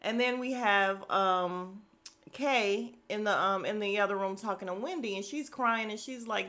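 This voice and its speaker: A woman's voice: mid-range voice, a little slow, sharp tone. A young woman hosting a casual podcast, animatedly recapping a reality show, laughing, swearing and mimicking the cast. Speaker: podcast host.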